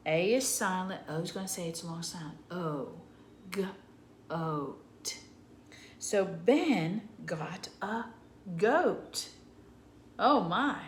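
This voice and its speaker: A woman teacher sounding out letters slowly and patiently for young children in an early reading lesson. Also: mid-range voice, echoey room, a little hiss or hum.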